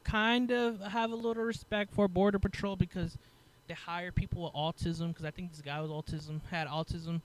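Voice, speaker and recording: With a high voice at a moderate pace and few pauses, a man hosting a podcast relates a story in casual talk over a little hiss or hum. He laughs, curses frequently, stays animated, and voices what others said.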